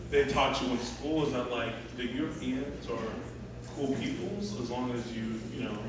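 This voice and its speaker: A man bantering between songs at a live show, his voice swinging up and down as he jokes and swears his way through stories. He sounds like he's picked up from a distance, with heavy echo from the hall and clear noise around him. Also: mid-range voice. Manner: loose, joking, profane, animated storytelling. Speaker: musician performing a live set. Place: live music hall stage. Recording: echoey live hall, distant mic, noisy.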